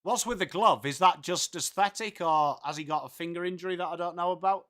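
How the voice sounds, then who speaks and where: An Englishman hosts a live football watchalong, casually calling the play in a high, fairly quick, fairly bright voice. He's chatty with viewers, reading their comments aloud and swearing casually.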